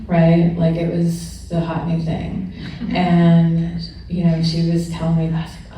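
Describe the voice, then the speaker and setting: A woman's voice: on the low side, flat delivery, unhurried, mellow, a little hiss or hum. A middle-aged woman telling candid personal stories to an audience at a celebration, laughing often and sometimes emotional. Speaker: honored alumna speaking at a celebration. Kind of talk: personal storytelling remarks to an audience. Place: large echoey event room with an audience. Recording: distant, echoey room sound.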